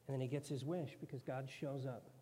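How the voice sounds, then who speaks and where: A man's voice: medium pitch, steady tone, a little fast, dark tone, slight background noise. A man preaching a sermon in a conversational way, now and then acting out quoted voices. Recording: long hall reverb.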